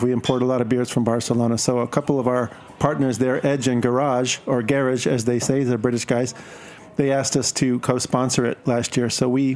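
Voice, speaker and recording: A man's voice: medium pitch, darkish tone. A man from the United States, a beer importer and guest on a radio show, telling a story in a chatty, joking way. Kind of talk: radio interview.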